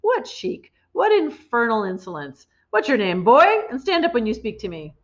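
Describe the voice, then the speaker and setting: A woman's voice: a little high, huge pitch swings, moderate pace. A woman voicing a huge, bullying headmistress who bellows insults and drips with sarcasm, read from a storybook in a slightly muffled recording. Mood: outraged.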